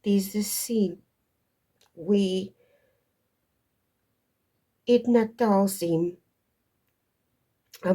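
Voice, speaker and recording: A woman's voice: lowish voice, dark tone. A woman giving a casual tarot and astrology reading to her viewers, wandering off topic and stopping to stress her points. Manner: digressive, emphatic, stops to stress points. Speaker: tarot reader.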